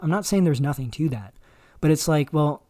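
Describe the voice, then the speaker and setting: A man hosting a livestream, talking in a rambling, halting way with many fillers and restarts. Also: a little high, mellow, no room sound, studio quality. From Canada. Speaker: livestream host. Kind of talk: casual livestream commentary.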